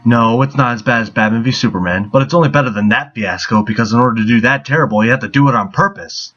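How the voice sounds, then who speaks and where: Sarcastic male movie reviewer, husky. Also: mid-range voice, fast talker, a bit bright, faint music behind. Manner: sarcastic, mocking. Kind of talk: scripted film review. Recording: dull lo-fi voice.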